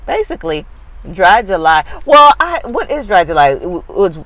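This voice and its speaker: Animated woman co-hosting a podcast. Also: lowish voice, no echo. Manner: animated, quick, joking storyteller. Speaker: podcast co-host. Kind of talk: casual podcast chat.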